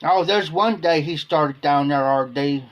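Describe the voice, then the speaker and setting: A man's voice: on the high side, a little slow. A man hosting a casual livestream, telling a long story to his chat and repeating "I said" as he goes. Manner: rambling, repeats "I said" while retelling. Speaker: livestream host.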